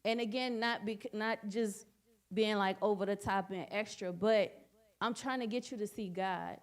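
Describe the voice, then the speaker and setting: A woman's voice: mid-range voice, fairly even intonation, normal speed. Earnest woman sharing at Bible study. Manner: earnest, repeats phrases for emphasis. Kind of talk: personal testimony talk.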